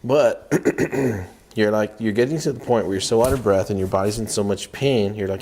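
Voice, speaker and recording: Deep, mellow-voiced man telling lively stories. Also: normal speed, slight background noise. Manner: animated storyteller who acts out his own inner voice. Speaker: podcast co-host. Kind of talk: casual podcast conversation.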